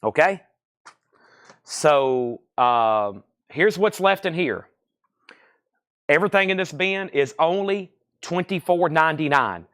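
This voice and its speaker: A man hosting a live record sale stream, briskly calling out titles, prices and buyers. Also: on the high side, lively intonation, a bit bright, clean tone, dry recording, clean studio sound.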